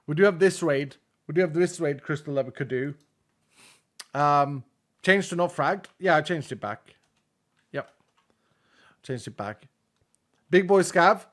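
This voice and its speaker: A man's voice: fairly high pitch, lively intonation, unhurried, pauses often, fairly bright tone. A man streaming a game, chatting casually with his viewers, reading their messages aloud and laughing often, speaking English with a non-native accent. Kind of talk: casual live-stream chat.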